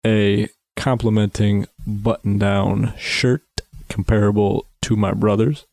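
Man, deadpan mock-formal tabletop player, slow, mellow dark tone. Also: lowish voice, creaky, dry recording. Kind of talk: casual tabletop play.

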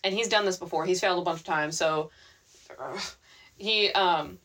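A woman co-hosting a podcast, an animated storyteller who swears freely in casual chat. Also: fairly low pitch, normal speed. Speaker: podcast co-host.

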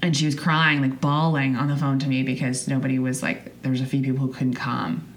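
Very low-voiced woman podcasting. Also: flat delivery, fairly quick, slight background noise. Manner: rambling and candid, with restarts and swearing. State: choked up. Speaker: podcast host. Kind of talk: personal monologue.

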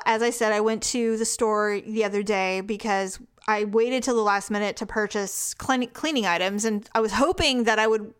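A woman's voice: fairly high pitch, a bit bright, smooth. A woman co-hosting a casual chat, telling everyday anecdotes with laughs and the odd swear. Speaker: podcast co-host.

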